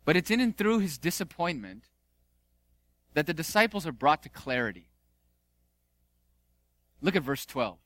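Expressive man preaching, bright dry voice. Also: fairly high pitch, normal speed, long pauses, no room sound. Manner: expressive preaching with dramatic swings in volume and pace. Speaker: pastor. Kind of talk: sermon.

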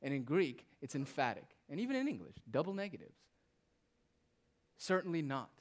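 A male pastor preaching a sermon, moving between loud, emphatic phrases and quiet, hushed asides. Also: fairly high pitch, very animated, normal speed.

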